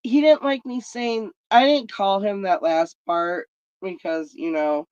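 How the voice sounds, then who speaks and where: A woman's voice: medium pitch, measured pace, darkish tone, clean tone, no echo. A woman telling stories in a blunt, profane casual rant. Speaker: vlog host. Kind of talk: casual ranting chat. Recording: dry, dull lo-fi sound.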